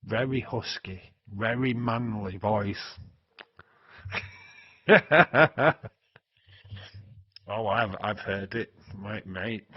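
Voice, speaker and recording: Slow, husky Yorkshire man. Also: lowish voice, dry recording, lo-fi sound. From Yorkshire, England. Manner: joking, swearing, chatting to viewers. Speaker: wrestling stream host. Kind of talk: casual livestream chat.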